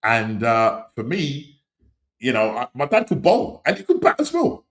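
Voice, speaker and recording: Host: middle-aged man, chatty and rambling, mid-pitched, breaks into excited shouts. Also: a little slow. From England. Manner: rambling, full of "you know what I mean", excited outbursts. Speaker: podcast host. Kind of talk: casual live-stream chat.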